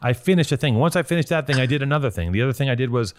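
A man's voice: mid-range voice, racing, no echo. Blunt, profane man hosting a call-in show. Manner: blunt, profane, animated storytelling. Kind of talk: profane motivational call-in chat.

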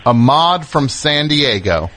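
A man's voice: sing-song, slow pace, a bit bright. A man hosting a call-in radio show who teases and interrupts his callers. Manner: teasing, interrupting, jumps high in pitch when joking.

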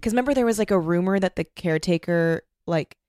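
A woman talks over a book in a loose, rambling way, leaning on "like" as she thinks aloud. Her voice sits slightly low, and the recording is dry and close. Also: quick pace, warm tone, no room sound. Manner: rambling, heavy use of "like". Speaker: book discussion co-host. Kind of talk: casual book chat.

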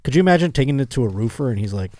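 A male podcast host reads a news story and keeps breaking off to joke about it, laughing along the way. His voice is warm and relaxed, in a mid-range pitch. The sound is dry and close. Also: rapid-fire, no echo. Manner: joking, riffs on the article, laughs often. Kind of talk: casual comedic chat, reading news aloud.

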